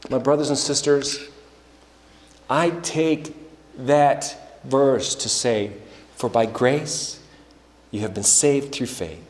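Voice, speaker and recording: A male preacher delivers his sermon at an unhurried pace, leaning into emphatic, rising stretches. His voice carries through a large room with a long, lingering reverb. The pitch sits at an ordinary middle for a man. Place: church sanctuary. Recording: echoey hall with long reverb.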